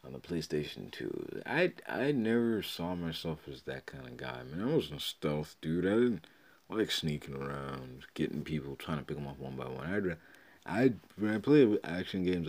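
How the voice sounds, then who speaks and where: A man hosting a solo podcast, rambling and swearing as he excitedly retells old video game memories. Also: a bass voice, normal speed, creaky. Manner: rambling, profane, excited storytelling. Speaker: podcast host. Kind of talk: casual solo podcast talk.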